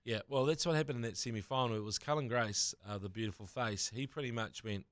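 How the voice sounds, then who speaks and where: A man's voice: medium pitch, fast talker, fairly bright tone, no echo, studio quality. A man co-hosting a sports podcast, chatting with enthusiasm and easy laughter as a keen fan. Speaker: podcast co-host. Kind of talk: casual sports podcast banter.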